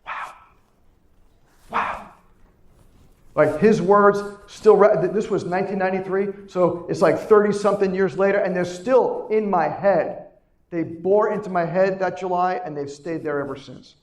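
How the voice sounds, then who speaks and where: A middle-aged man delivers an inspirational conference speech with a fairly high voice. He hammers home key lines by repeating them and keeps asking his listeners questions. The sound rings around a roomy hall. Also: a little slow. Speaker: chiropractor giving a keynote talk. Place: conference hall, live before an audience.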